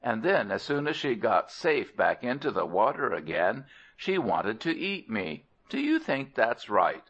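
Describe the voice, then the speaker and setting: A man's voice: medium pitch, huge pitch swings, unhurried, few pauses, fairly bright tone, heavily acted. A man voicing a desperate grown man who pleads earnestly for his life, on a dull lo-fi recording. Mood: pleading.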